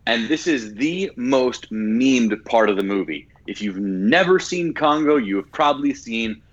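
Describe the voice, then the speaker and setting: A man's voice: mid-range voice, lively intonation, a little slow, dull audio. A man co-hosting a podcast, talking about a movie in casual chat, emphatic and opinionated, with some swearing. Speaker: podcast co-host.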